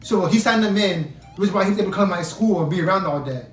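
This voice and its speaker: A man's voice: high voice, expressive, quick pace, a little hiss or hum. A young man telling a casual story about his past, rambling and slangy, packed with "like". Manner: rambling, heavy use of "like", slangy. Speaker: storyteller vlogger. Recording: echoey room, mic at a distance.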